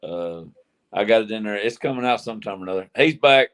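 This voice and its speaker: Low-ish guy joking around on a live stream, rambles, laughs at his own stuff. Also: fast, clean tone. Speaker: livestream host, motorcycle vlogger. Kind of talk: casual chat on a group livestream. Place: outdoors at night, windy.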